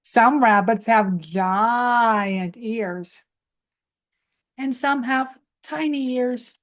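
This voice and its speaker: Slow, coaxing woman teaching toddlers. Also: on the high side. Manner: coaxing, leads clap-along chants for toddlers; asks questions and answers for the children. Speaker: preschool teacher host. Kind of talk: children's morning lesson.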